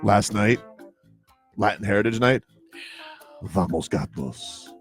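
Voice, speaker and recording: A man hosting morning sports radio, joking and playful with loud outbursts. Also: fairly low pitch, animated, slow, faint music behind.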